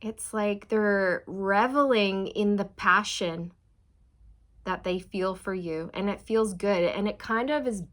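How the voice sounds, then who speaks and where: A young adult woman giving a slow, soothing channeled tarot reading, speaking straight to her viewers. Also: medium pitch, a bit bright. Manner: slow, soothing, spiritual, addresses viewers as you guys. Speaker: tarot reader.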